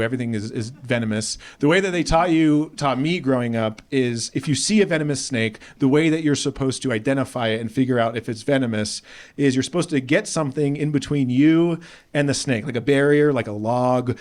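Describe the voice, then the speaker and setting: A young man from Australia with an American accent performing a stand-up comedy set on a club stage, animated and jumping into high voices for quotes. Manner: animated, jumps up in pitch for acted-out quotes. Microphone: handheld stage mic. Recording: live club set with crowd laughter. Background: audience laughter.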